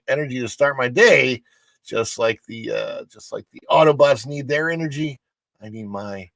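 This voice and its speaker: A man's voice: medium pitch, a bit bright, no room sound. A chatty man with a St. hosting a livestream, greeting viewers by name and laughing at his own jokes. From St. Louis, Missouri. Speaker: livestream host. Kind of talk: casual chat.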